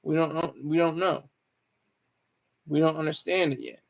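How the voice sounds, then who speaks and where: A man's voice: on the high side, fairly even intonation, normal speed, gravelly. A man, a military veteran, talking in a loose, rambling monologue, often stopping to correct himself. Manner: rambling, self-correcting, opinionated. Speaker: Marine Corps veteran. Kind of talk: casual monologue.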